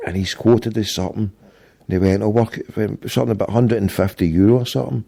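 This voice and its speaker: A man's voice: on the low side, quick pace, gravelly, mellow. A middle-aged Scottish man telling a long, rambling anecdote in casual podcast chat, swearing freely and acting out the quotes. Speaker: podcast host.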